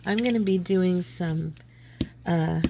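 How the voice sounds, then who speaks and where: A woman's voice: fairly low pitch, takes it slowly, very noisy. A woman with a lingering head cold, chatting casually and rambling as she works on a craft project. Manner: chatty, rambling, self-deprecating. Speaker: craft channel host.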